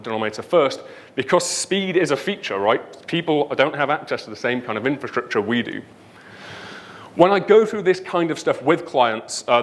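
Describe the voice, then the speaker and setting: Northern English man, conference speaker, mid-pitched, casual and lively delivery. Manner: lively, chatty, leans on "right?" and "um". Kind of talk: tech conference talk. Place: conference stage before an audience.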